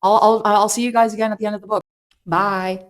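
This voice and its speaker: A woman's voice: medium pitch, little pitch movement, fast talker. A woman chatting casually through a book review vlog, rambling with lots of fillers and restarts. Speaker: book vlogger.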